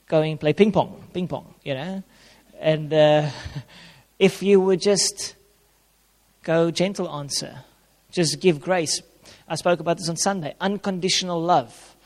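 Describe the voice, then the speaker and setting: A man's voice: on the high side, steady tone, unhurried, darkish tone. A man giving an informal sermon on marriage as a pastor, conversational and plain-spoken, repeating key phrases. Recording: long hall reverb.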